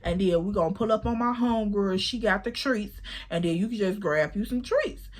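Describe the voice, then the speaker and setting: A woman's voice: medium pitch, normal speed, natural voice. A woman putting on the voice of a laid-back young man in her storytime vlog, drawling and unbothered.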